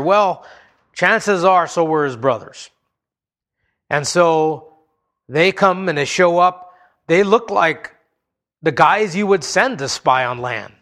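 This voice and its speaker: A man preaching a sermon, telling the story expressively and dropping low and soft for emphasis. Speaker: pastor.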